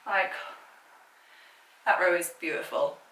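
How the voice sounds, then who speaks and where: A woman's voice: fairly low pitch, slow, bright, forceful tone, slight background noise. British woman, beauty vlogger, gushing casual chat, roomy echo, mic set back from her. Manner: chatty, gushing, lots of filler "like". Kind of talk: casual makeup swatching chat. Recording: echoey room, mic at a distance.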